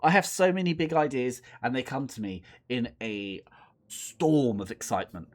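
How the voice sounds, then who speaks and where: A man's voice: medium pitch, lively intonation, fairly quick. A young man casually commentating and reading aloud a horror game, playful and rambling, often mocking himself. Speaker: let's play host.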